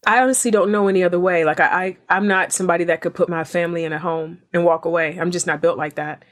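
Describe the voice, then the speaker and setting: A woman's voice: on the low side, fairly even intonation, quick pace. A woman guest on a podcast talking in an earnest, heartfelt way, stressing her points by repeating phrases. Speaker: guest actress.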